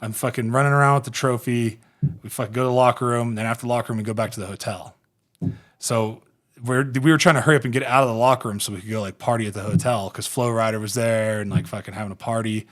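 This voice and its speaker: A man's voice: mid-range voice, steady tone, quick pace, fairly bright tone. A man in his thirties from Ohio, hosting a podcast and telling rambling, profane, laughing stories about his football career. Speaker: podcast host and former pro football player. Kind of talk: casual podcast storytelling.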